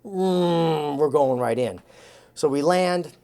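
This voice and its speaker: A man telling a long anecdote in an interview. He acts out the quoted lines with lively changes of voice and chuckles as he goes. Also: fairly high pitch, slow. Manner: chuckles while telling the story. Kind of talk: animated storytelling.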